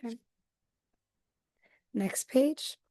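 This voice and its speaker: Woman, teacher, reading picture book aloud to children, gentle questions, dry close sound. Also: very slow, dry recording. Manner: gentle questioning, checking in with listeners.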